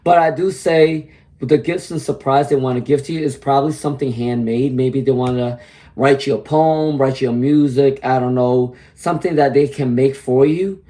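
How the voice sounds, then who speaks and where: A man with a hoarse voice from laryngitis, giving a chatty live-stream tarot reading and greeting viewers by name. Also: medium pitch, steady tone, normal speed, warm tone. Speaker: tarot reader.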